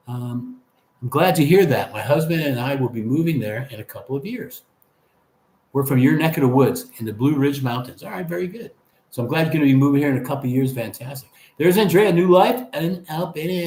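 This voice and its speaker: A man's voice: on the high side, darkish tone, echoey room. A man hosting a casual livestream, reading viewer comments aloud in a friendly, rambling way. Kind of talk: casual live chat.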